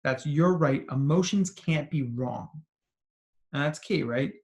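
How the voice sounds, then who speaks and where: A man, a psychologist, giving an animated talk to parents and educators, telling stories and asking questions. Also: on the high side, slow pace. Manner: animated storytelling with acted quotes and asides. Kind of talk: expressive talk to an audience.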